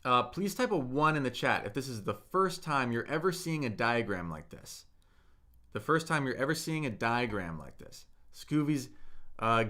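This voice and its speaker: Bright-voiced man teaching tones on a livestream. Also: medium pitch. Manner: drills tones aloud with sing-song syllables, checks in with chat. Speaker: Mandarin teacher. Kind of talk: live-streamed language lesson.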